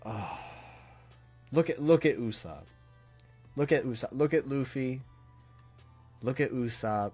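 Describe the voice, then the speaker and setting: A man live-reacting on a stream, speaking slowly and earnestly. He is awestruck and emotional, and his sentences stall and restart as he searches for words. Soft music plays faintly behind him. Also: medium pitch. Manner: awestruck and halting, with many trailing restarts. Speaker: streamer reacting to a comic chapter.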